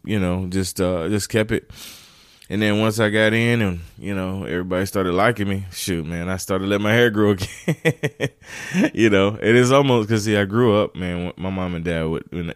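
Man, very low voice, relaxed slangy podcast host, chatty, dry close sound. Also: clear, resonant tone, no room sound. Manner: laid-back, slangy, fillers like "man, you know". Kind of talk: casual solo podcast chat.

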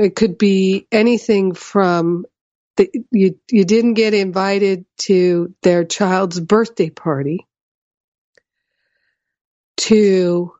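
A woman giving a measured spiritual teaching talk, explaining ideas and often checking in with "right?". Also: mid-range voice, warm tone, no echo, dull audio.

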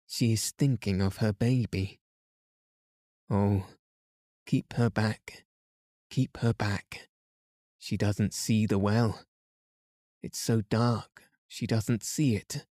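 A man reading aloud and voicing a delirious young girl who pleads in a fever, speaking softly and slowly. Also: lowish voice, dry recording, studio quality. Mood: frantic.

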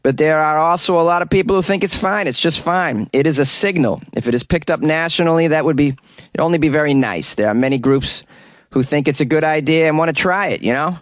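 A man's voice: fairly high pitch, a little fast, no echo, voice pushed up, natural voice. A man doing a mock Boston-accented councillor. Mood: earnest. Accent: put-on Boston.

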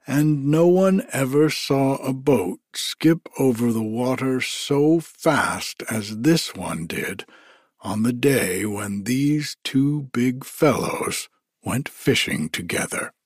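A man reading a story aloud in a slow, deliberate storytelling manner. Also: medium pitch, lively intonation, no echo, studio quality.

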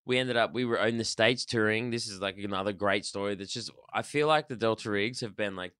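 A man, a band member telling stories loudly and animatedly, swearing freely in casual chat. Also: lowish voice, a little fast, smooth, no room sound, clean studio sound. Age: 30s. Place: rehearsal studio.

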